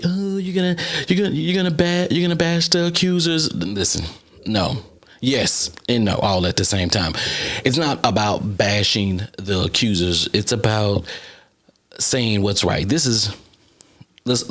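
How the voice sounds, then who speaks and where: A man hosting a podcast in a casual monologue, animated and chatty, constantly repeating "listen" and "okay" between his points. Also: on the low side. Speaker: podcast host.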